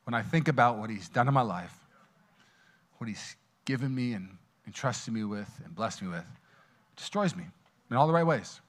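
A man preaching a sermon, casual and storytelling, swinging between loud, high passages and quiet, intimate asides. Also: expressive, moderate pace, pauses often. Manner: casual, storytelling, many fillers and restarts. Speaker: pastor. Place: church auditorium.

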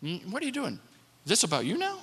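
A man's voice: high voice, wildly swooping pitch, quick pace, a bit bright, slightly rough, long reverb tail. A man preaching a sermon as pastor, talking conversationally and repeating rhetorical questions to the congregation.

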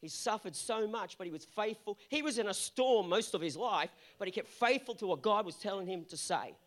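A man's voice: high-pitched, lively intonation, brisk. A male pastor delivering an earnest sermon that builds to emphatic peaks.

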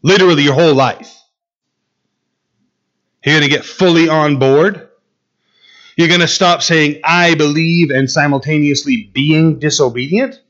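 A man's voice: fairly high pitch, steady tone, unhurried, long pauses, a bit bright, dull audio. A man preaching a sermon to a Bible class, emphatic, asking his listeners questions and repeating key phrases. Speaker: pastor teaching a Bible class.

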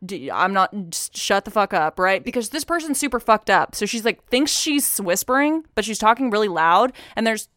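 A young woman tells a story in a lively, casual way, swearing freely and jumping into quick impressions of the people involved. Her voice is smooth and clear, and the sound is close and dry, with no room around it. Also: medium pitch, dry recording. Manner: animated, profane, acts out quoted voices. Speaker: storyteller guest.

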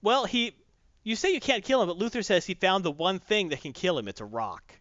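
Male podcast host, high lively voice, dry dull lo-fi sound. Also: brisk, dry recording. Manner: animated, acts out characters in silly voices. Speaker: podcast host recapping a comic. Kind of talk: casual chat.

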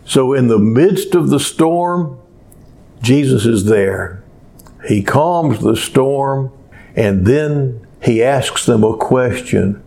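A pastor preaching a sermon to a small church, reading scripture and then speaking in a measured way, lifting his voice for emphasis. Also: lowish voice, creaky, mellow.

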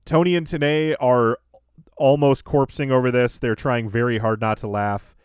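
A man's voice: medium pitch, fairly even intonation, moderate pace, clean tone, no echo, studio quality. A man hosting a podcast, casually recapping events in order and laughing easily. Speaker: podcast host.

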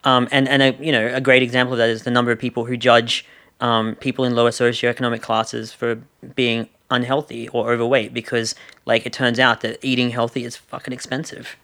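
An Australian man talks through a casual podcast discussion at a mid pitch. He circles his points with restarts and fillers and slips in dry sarcasm. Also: little pitch movement, a little fast, bright, forceful tone.

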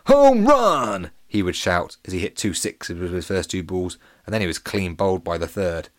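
A man narrating a children's story in a playful, animated and comic way. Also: low voice, brisk, no room sound, studio quality.

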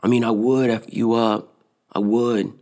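A man voicing a hungover, belligerent teenage guy who yells threats in a raised, higher voice. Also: level tone, unhurried, natural voice. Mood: angry threatening. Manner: yelling high threats.

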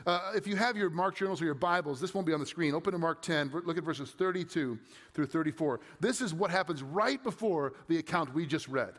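A man's voice: high-pitched, fairly bright tone. A man pastor reading scripture and then preaching a sermon in a conversational way, asking his listeners rhetorical questions. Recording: long hall reverb.

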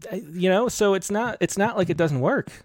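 A man's voice: high voice, expressive, a little fast, darkish tone, dry recording, studio quality. A man hosting an interview in casual conversation, earnest and hesitant, restarting his sentences often. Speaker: podcast host.

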